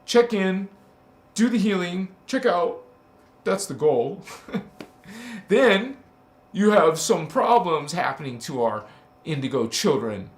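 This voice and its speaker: A man's voice: high-pitched, expressive, slow pace, pauses often, reverberant. A man hosting a casual spiritual livestream, teasing and emphatic, laughing often as he talks to viewers.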